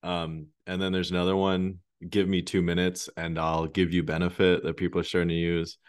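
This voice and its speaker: Man, very low voice, from Canada, podcast guest, casual chat, hesitant, swears. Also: flat delivery, a little fast.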